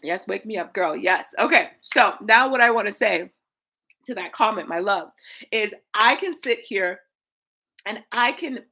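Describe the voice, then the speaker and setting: A spiritual coach in her thirties livestreams an energetic, preachy talk to her viewers, swearing casually along the way. Her voice is mid-range and her pace is measured.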